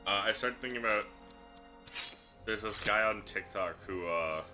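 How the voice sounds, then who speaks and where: A man's voice: lowish voice, moderate pace. A man streaming a game, chatting casually in a rambling, crude, filler-heavy way. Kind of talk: casual gaming stream chat. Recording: game music under voice.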